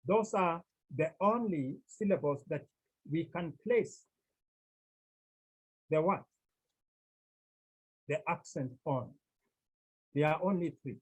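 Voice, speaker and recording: A man teaching a Greek class, explaining slowly and repeating key phrases for his students. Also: on the high side, slightly rough, low-quality recording. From Cameroon. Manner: slow, repetitive explaining. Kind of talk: classroom lecture.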